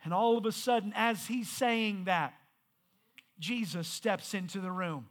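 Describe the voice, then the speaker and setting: Male pastor, strikingly high pitch; conversational sermon delivery that builds to emphatic peaks. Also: measured pace. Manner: conversational, then rising to emphatic preaching with stumbles.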